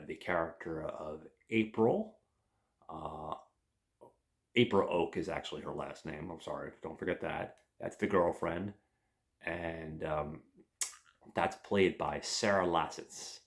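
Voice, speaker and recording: A man's voice: low-pitched, gravelly. A man giving a casual, meandering movie review and addressing his listeners as guys. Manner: meandering, hesitant.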